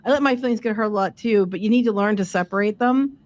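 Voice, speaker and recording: A woman's voice: mid-range voice, fast talker, darkish tone. A woman co-hosting a casual chat show, giving blunt, opinionated advice and swearing casually. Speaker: co-host.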